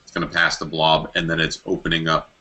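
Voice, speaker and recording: Low husky guy, bright tense tone, dry jokey co-host. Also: monotone, fast. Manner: dry joking, matter-of-fact. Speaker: podcast co-host. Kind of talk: casual tech chat.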